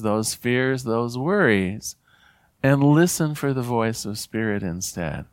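A man giving an earnest spiritual talk, reading passages aloud and repeating key phrases gently. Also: mid-range voice, clear, resonant tone, dry recording, clean studio sound. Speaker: spiritual teacher.

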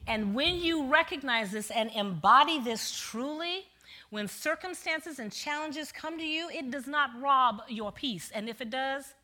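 A woman minister preaching a sermon, telling a story with animated delivery that swings from hushed asides to loud punchlines. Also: high-pitched, unhurried.

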